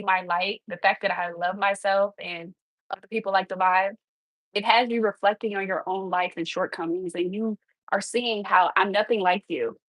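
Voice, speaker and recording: A woman's voice: mid-range voice, fairly bright tone, dry recording, rough recording. Sassy young woman live streaming, dry sound. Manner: sassy, talks back to the chat. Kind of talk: casual livestream chat while cooking.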